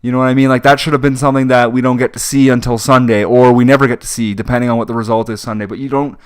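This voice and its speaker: Rapid-fire and flat, with a clean medium-pitched tone, a young man co-hosting a podcast rants about his frustrations in casual wrestling talk. Fillers like "like" and "um" come up constantly.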